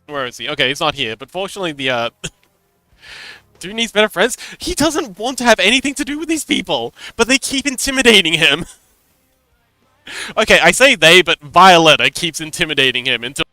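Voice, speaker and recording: Male streamer, game master, casual and animated storyteller, slightly high voice, bright tone. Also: brisk, no room sound, faint music behind. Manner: animated storytelling, laughs often. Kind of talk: casual livestream chat.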